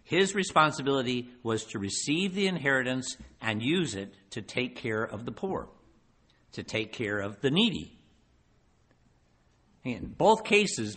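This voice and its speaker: A man delivering a sermon in a husky, bright-edged voice. His pitch swings widely as he asks rhetorical questions, and he slows down to press each point home. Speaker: preacher.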